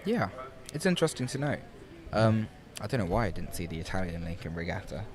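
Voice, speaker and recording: A man's voice: deep voice, sing-song, brisk, a crowd in the background. A young man commentating live at an outdoor rowing regatta, chatty and playful with wordplay.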